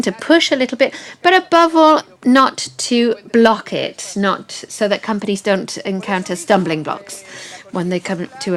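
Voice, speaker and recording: A woman giving a conference presentation, speaking in a measured, explanatory way and stressing key words. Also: medium pitch. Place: conference hall.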